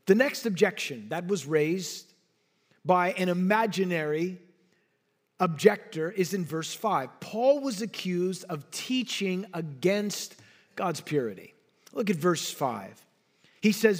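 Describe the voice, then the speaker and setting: High-voiced man preaching emphatically. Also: lively intonation, takes it slowly. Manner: emphatic, dynamic delivery with sudden drops and bursts. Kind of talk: expository sermon.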